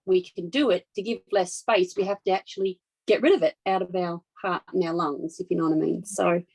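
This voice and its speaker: A woman taking part in a workshop, musing out loud in casual chat. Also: on the low side, a little fast, vocal fry, dry recording, low-quality recording. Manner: musing, thinking aloud. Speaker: workshop participant.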